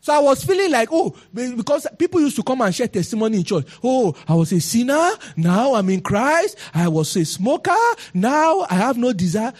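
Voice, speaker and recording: A man's voice: high voice, a little mellow. A man with a Nigerian accent preaching a sermon and telling his own testimony, acting out the people he quotes.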